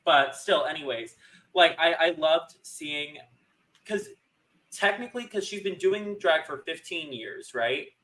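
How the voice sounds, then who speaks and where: A man's voice: on the high side, lively intonation, a little slow, sharp tone, low-quality recording. A man co-hosting a casual podcast, rambling and often restarting his thoughts. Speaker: podcast co-host. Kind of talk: casual chat.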